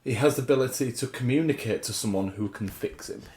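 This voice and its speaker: A man's voice: mid-range voice, quick pace, darkish tone, a little hiss or hum. A man co-hosting a podcast, playfully building on jokes in casual chat. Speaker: podcast co-host. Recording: roomy echo.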